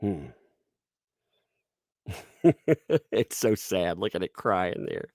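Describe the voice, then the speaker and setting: A man's voice: sing-song, very slow, darkish tone, no echo, studio quality. A man hosting a live stream, commentating sarcastically, reading chat and laughing often. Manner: puts on squeaky mocking voices when quoting people.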